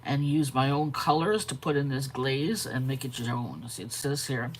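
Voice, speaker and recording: A woman hosting a live art stream, chatting casually, greeting viewers by name and pausing to yawn and correct herself. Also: rumbling low, breathy edge. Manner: frequent yawns and self-corrections. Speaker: art channel host.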